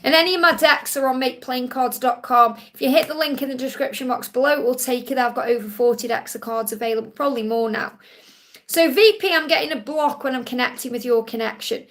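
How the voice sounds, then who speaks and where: A woman with a high, light voice hosts a live-stream Q&A and gives spiritual readings to viewers. She is reassuring and comes back to the same points more than once. She calls each viewer honey. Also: fast, a bit bright. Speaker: spiritual reader hosting a live Q&A.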